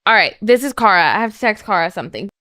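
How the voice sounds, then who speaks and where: Woman guest on a podcast, giggly and cussing, smooth clear voice, dry close sound. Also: medium pitch, racing, dry recording. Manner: giggly, swears freely, jumps to excited squeals. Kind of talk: casual chat, party game.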